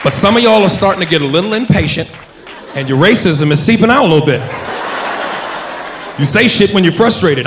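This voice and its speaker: A man's voice: sits high, lively intonation, brisk, long pauses. Man doing stand-up in a roomy, noisy club. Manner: punchy, addresses the audience directly. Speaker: stand-up comedian. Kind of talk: stand-up routine. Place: comedy club stage with audience. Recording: roomy club with crowd noise.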